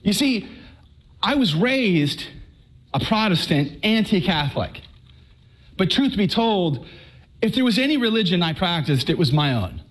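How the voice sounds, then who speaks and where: A middle-aged man from Texas, giving an animated personal testimony to a live audience, joking at times and earnest at others. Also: high voice, moderate pace. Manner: lively, joking, then earnest and preachy.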